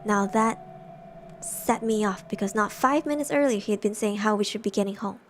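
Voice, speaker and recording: A young woman streamer narrating horror stories in a soft, hushed semi-ASMR style, with giggly asides. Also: medium pitch, normal speed, soft background music.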